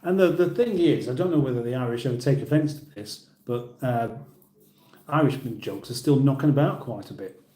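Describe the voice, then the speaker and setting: Chatty British man with a mellow, roomy voice. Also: medium pitch, a little fast. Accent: British English. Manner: chatty, rambling, laughs at his own jokes. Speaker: livestream host. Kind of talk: casual livestream chat reading comments.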